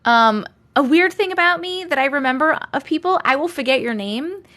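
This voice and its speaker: A woman with a Long Island accent, chatting casually on a livestream and reading viewer comments, talking in a chatty, animated way full of giggles. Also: high-pitched, normal speed. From Long Island, New York. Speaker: livestream host.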